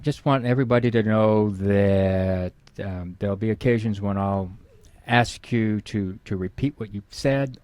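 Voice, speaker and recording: Low-voiced man explaining emphatically. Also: darkish tone, no echo. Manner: emphatic, acts out example phrases. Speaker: guest expert. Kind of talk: explaining to an interviewer.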